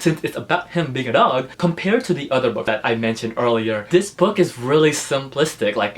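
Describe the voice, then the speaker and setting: A man chatting on his book vlog, gushing and emotional, filling his talk with fillers and laughing through the feeling. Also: medium pitch. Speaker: book vlogger. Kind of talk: casual book review vlog.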